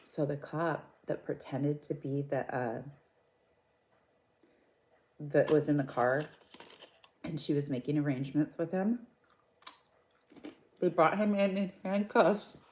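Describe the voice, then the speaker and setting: A woman vlogger chatting casually, retelling a story with a gossipy, animated manner. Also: low-pitched, slow, pauses often, slight background noise. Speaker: mukbang vlogger.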